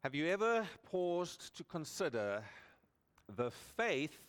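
A man preaching a sermon, telling stories earnestly with dramatic pauses and repeated words. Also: fairly high pitch, sing-song, in a large hall.

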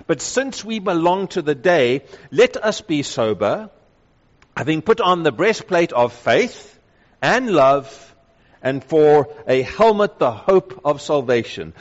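A man preaching a sermon, reading scripture aloud and slowing down to stress key phrases with emphasis. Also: a little high, very animated. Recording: dull lo-fi sound with long hall reverb.

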